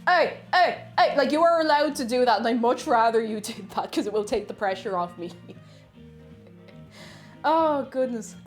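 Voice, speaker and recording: A chatty young Irish woman, her voice sitting a little high, talking on a live stream as she bakes. She reads viewers' messages aloud and giggles along with them, while soft music plays behind her. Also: lively intonation, normal speed, long pauses. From Ireland. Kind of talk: casual live-stream chat while baking.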